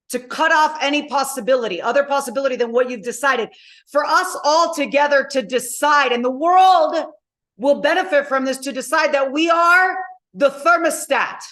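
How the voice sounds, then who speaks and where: Animated, high-voiced woman coach telling stories. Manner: storytelling, emphatic, animated. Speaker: motivational coach. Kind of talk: live online masterclass talk.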